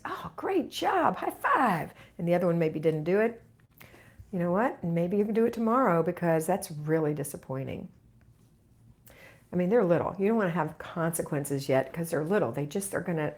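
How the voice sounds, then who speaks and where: Brisk and low-voiced with a darkish tone, a middle-aged woman who hosts a home organizing channel goes through viewer comments aloud during a live Q&A, offering chatty encouragement in reply.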